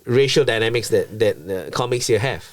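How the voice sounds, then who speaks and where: A man from Malaysia, a comedian guest talking casually on a podcast, growing animated and repeating words when he gets excited. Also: on the low side, a little fast, a little hiss or hum.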